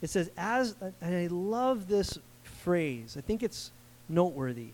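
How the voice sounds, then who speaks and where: High-voiced man preaching casually. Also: a little slow. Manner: animated, acts out the people in the story; slangy and conversational. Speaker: pastor. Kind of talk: casual sermon.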